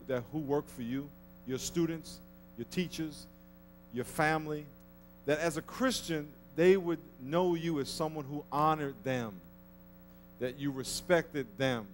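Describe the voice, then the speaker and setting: His voice a little high, a pastor preaches in church, easing in with a casual story and then pushing his message with growing intensity until it becomes emphatic exhortation. Slight background noise is audible.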